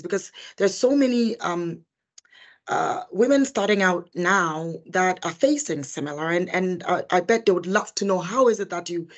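A woman's voice: lowish voice, muffled recording. Friendly, hesitant woman interviewer. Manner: friendly, hesitant, with many fillers. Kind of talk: interview conversation.

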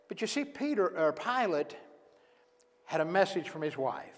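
A man's voice: a little high, sing-song, moderate pace, long pauses, long reverb tail. A man preaching a sermon as pastor, telling the story dramatically and acting out each character's words. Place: church sanctuary.

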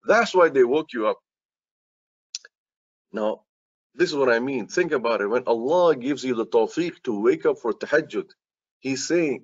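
A man's voice: medium pitch, lively intonation, normal speed, pauses often, dry recording, muffled recording. A man preaching as an imam in an earnest, repetitive sermon that speaks straight to his listeners.

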